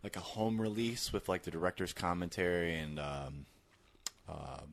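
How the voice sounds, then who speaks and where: A man's voice: deep voice, animated, moderate pace, creaky, no echo. A man co-hosting a casual film podcast, blunt and jokey, swearing freely. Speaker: podcast co-host. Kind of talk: casual film review chat.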